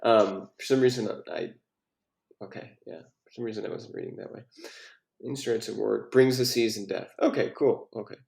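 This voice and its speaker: A man leading a poetry workshop in a casual way, asking questions and reading lines of verse quietly. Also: on the low side, normal speed, creaky. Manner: inquisitive, reads verse softly. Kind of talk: casual critique and reading aloud. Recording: echoey room.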